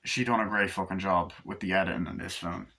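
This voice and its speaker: Male vlogger, lowish pitch, bright forceful tone, breathless and rambling, casual profane movie-review delivery. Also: steady tone, fast. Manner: rambling, profane, acts out scenes in loose paraphrase.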